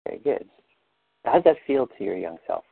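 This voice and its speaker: A man leading a coaching session, asking gentle probing questions and explaining step by step. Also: medium pitch, very animated, a little fast, gravelly, breathy edge, no echo, narrow, tinny audio.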